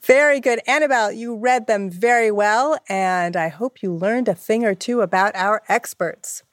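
A woman's voice: medium pitch, normal speed. A woman hosting a podcast game show in a bubbly, playful way. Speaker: quiz show host.

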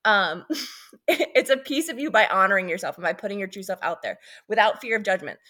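A woman's voice: mid-range voice, expressive, fairly quick, pushed and bright. A woman co-hosting a podcast in a loose, chatty way. She rambles into tangents and swears casually as she talks. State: pregnant. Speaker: podcast co-host. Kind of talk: casual chat.

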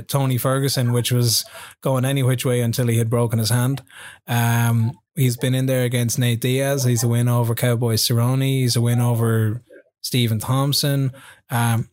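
Man, sports podcast host, casual chat, filler-heavy, mid pitch. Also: a little mellow. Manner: chatty, many fillers and restarts.

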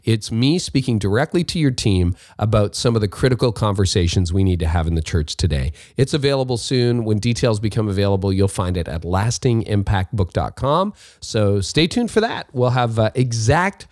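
A man's voice: fairly low pitch, lively intonation, moderate pace, hardly any pauses, a little mellow, no echo, studio quality. A man with a Canadian accent hosting a podcast, talking in an upbeat, chatty way with little asides. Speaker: podcast host. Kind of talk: casual solo monologue.

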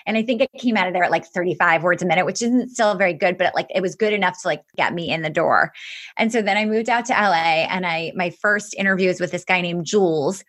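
A middle-aged woman, a company founder, telling quick, lively career anecdotes as an interview guest. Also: fairly low pitch. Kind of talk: casual interview storytelling.

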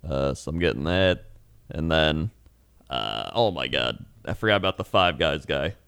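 Male co-host, relaxed storyteller, animated delivery. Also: rumbling low, moderate pace, creaky, clear, resonant tone, no room sound. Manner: laid-back, laughs often, acts out people in stories. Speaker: podcast co-host. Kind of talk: casual chat, storytelling.

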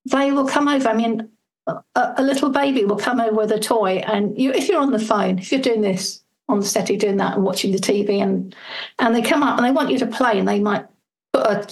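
An earnest woman talks through parenting advice as an interview guest. Her voice sits fairly high, and she explains by acting out little everyday scenes. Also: brisk, rough recording. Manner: earnest, fluent, explains with acted-out examples. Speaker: parenting and life coach guest. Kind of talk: conversational advice in a podcast interview.

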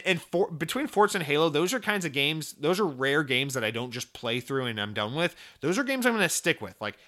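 Young male gaming commentator, casual profane rant, bright edgy tone. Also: on the high side. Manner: animated, profane, rambling with fillers.

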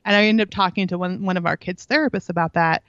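A woman's voice: on the low side, steady tone, fast talker, fairly bright tone, dry recording. A middle-aged woman, a guest in a casual interview, tells stories animatedly, acting out quoted dialogue and laughing often. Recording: dull dry lo-fi audio.

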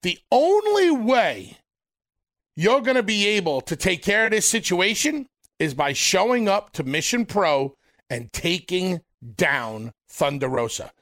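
Fast-talking, goading radio co-host. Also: male voice, sits high, sing-song, fairly bright tone, no echo, studio quality. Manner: goading, rapid-fire pep talk. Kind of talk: heated on-air argument.

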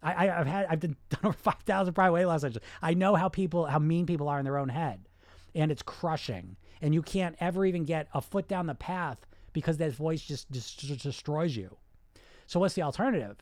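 A man's voice: fairly high pitch, lively intonation, brisk, dry recording, studio quality. A man coaching on weight loss in a live podcast monologue, blunt and profane, acting out the inner voices he talks about.

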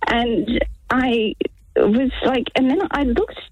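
A woman caller, retelling a dream in an animated, dramatic way over a phone line. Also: on the high side, slow, no room sound. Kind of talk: phone-in storytelling.

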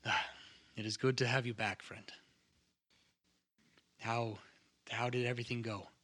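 A man's voice: medium pitch, fairly even intonation, measured pace, a bit bright. A man playing weary town leader Dracarys.

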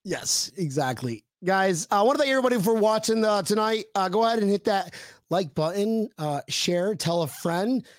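High-voiced excitable podcast host man. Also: moderate pace, dry recording, studio quality. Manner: excitable, chatty, many fillers. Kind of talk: casual podcast chat.

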